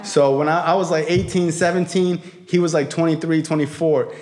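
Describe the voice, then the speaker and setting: A stand-up comedian telling a rambling personal story in a casual, profane way. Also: male voice, fairly high pitch, fairly even intonation, moderate pace, darkish tone.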